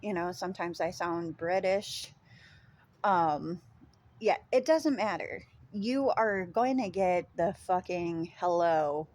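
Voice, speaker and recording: Woman vlogger w/ minnesota accent, slow easygoing ramble, lots of ums, swears casually, lowish voice. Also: expressive, a little mellow. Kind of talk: casual chat.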